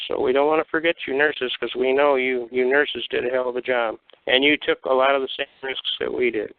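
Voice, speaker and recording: Older man, gravelly, over a phone line. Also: mid-range voice, no room sound. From Detroit area. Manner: folksy, blunt war stories. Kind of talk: casual storytelling.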